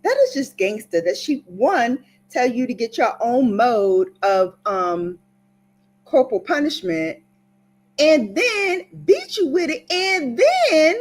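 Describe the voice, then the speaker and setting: Animated woman telling a story. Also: sits high, measured pace. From Brooklyn, New York. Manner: animated, playful, dramatic storyteller. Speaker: beauty vlogger. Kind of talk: casual storytelling vlog.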